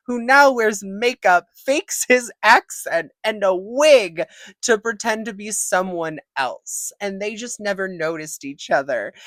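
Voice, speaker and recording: A young woman casually recapping a movie, animated and profane, often laughing. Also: medium pitch, dry recording. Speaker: movie reviewer.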